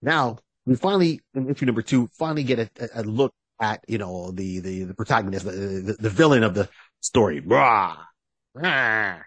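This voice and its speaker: A man's voice: on the low side, brisk, slightly rough, no room sound. A man co-hosting a podcast, retelling a story in a casual, rambling way with many fillers. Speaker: podcast co-host. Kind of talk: casual chat.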